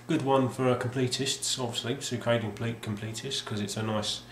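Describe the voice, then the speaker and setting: A man's voice: mid-range voice, fairly even intonation, moderate pace, a little hiss or hum. A man casually showing off his game collection, rambling and hesitant with lots of ums and restarts. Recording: roomy sound with faint ambience.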